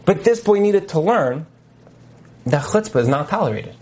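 A man putting on the voice of his old rabbi teacher, a jolly but strict older man who bursts out sternly and then speaks warmly. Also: expressive, normal speed. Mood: gently explaining. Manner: booming stern outbursts, then warm.

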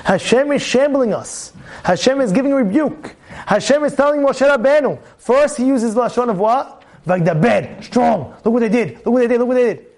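At normal speed, a rabbi gives an emphatic sermon on the weekly Torah portion. He returns to repeated phrases, throws out rhetorical questions, and veers between loud outbursts and low asides.

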